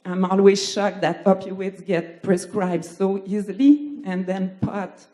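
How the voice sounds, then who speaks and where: A woman who works as a nurse and outreach worker, asking a halting question at a conference in a slightly shaky voice. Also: medium pitch, fairly even intonation, warm tone. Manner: halting, many fillers, nervous.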